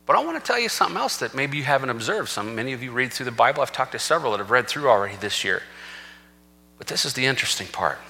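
A man's voice: medium pitch, sing-song, rapid-fire, vocal fry, sharp tone, a little hiss or hum. A man preaching a sermon as senior pastor, emphatic and reading scripture aloud with rising force. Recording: reverberant hall.

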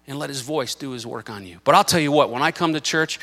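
Male pastor, emphatic impassioned sermon, bright and forceful tone, middle pitch. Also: quick pace. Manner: impassioned, emphatic preaching with repetition. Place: church sanctuary.

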